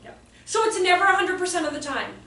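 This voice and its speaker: A woman presenting to a live audience, talking fast and animated and acting out the quotes she tells. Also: very high-pitched. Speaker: workshop presenter. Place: hall in front of an audience. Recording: roomy hall, distant mic, faint noise.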